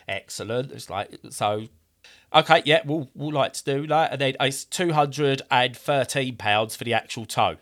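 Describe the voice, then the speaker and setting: A man's voice: medium pitch, moderate pace, a bit bright. A man in his thirties telling a rambling story in a casual way, acting out the voices he quotes.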